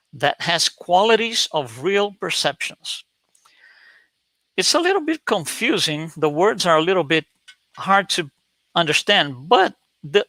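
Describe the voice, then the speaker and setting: A man's voice: fairly high pitch, bright, forceful tone, dry recording. A man giving a talk with slides, telling a story with many fillers and restarts. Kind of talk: lecture with slides.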